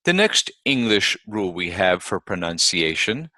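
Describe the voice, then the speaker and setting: Male English teacher, lowish voice, unhurried and deliberate, carefully sounds out example words. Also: sing-song, pushed and bright, no room sound. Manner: deliberate, models words by repeating them slowly. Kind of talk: slow instructional lesson.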